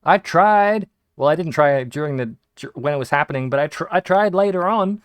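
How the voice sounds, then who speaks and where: A young Australian man rambles through casual stories, swearing and restarting his sentences as he goes. His voice is smooth and clear, recorded close and dry with no room sound. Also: fairly high pitch, expressive, brisk, no echo. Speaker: video game streamer. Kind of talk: casual storytelling while gaming.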